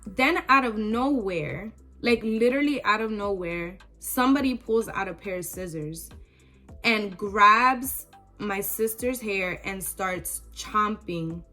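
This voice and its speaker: A woman's voice: mid-range voice, slow pace, bright, forceful tone, soft background music. A young woman vlogger telling a personal story in casual, emotional talk with many fillers.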